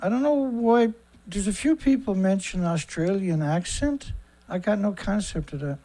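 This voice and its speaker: A middle-aged man hosts a daily news livestream in a loose, rambling style full of asides. His voice sits a little on the high side, and he is blunt and sarcastic, swearing freely. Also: moderate pace, mellow. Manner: rambling with frequent fillers and asides. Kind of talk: casual livestream commentary.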